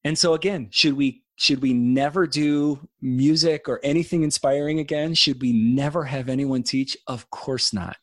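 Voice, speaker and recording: A man's voice: mid-range voice, normal speed, hardly any pauses, dry recording, clean studio sound. A middle-aged man, an author, talking earnestly in a casual conversation and building long analogies. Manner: earnest, uses extended analogies. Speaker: author and guest.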